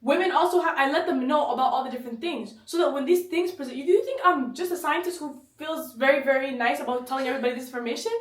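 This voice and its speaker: A woman's voice: sits high, fast talker, hardly any pauses. A woman with an American accent, co-hosting a casual podcast chat, speaking candidly, laughing and swearing freely. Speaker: podcast co-host. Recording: roomy echo, mic at a distance.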